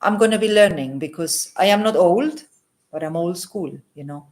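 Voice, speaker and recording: Talking straight to the camera without a script, this woman, a holistic healer and psychic, gives earnest advice. She has a lowish, darkish voice at a moderate pace, and she repeats phrases for emphasis and ends points with an inquiring "hmm?"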